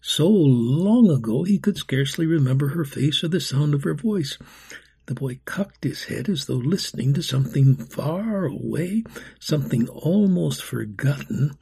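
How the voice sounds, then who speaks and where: A man narrating a storybook in a grave, steady telling. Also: on the high side, measured pace, gravelly, husky.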